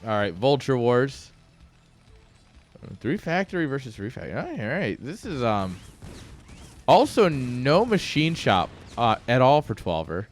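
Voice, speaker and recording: A man's voice: medium pitch, very animated, a little slow, soft background music. A man casting a strategy game on a live stream, rambling off-topic, joking and swearing freely. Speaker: game caster. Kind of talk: casual live-stream commentary.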